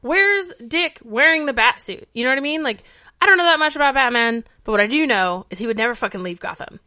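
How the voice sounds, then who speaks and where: A woman's voice: high voice, quick pace. A woman co-hosting a casual podcast chat, swearing freely and talking with heavy use of "like". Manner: animated, swears often, lots of "like". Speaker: podcast co-host.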